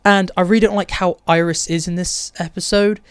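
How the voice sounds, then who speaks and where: A man's voice: high-pitched, steady tone, brisk, clean tone, no echo, studio quality. A man giving a blunt, opinionated and sarcastic casual review of a TV episode. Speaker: TV show reviewer.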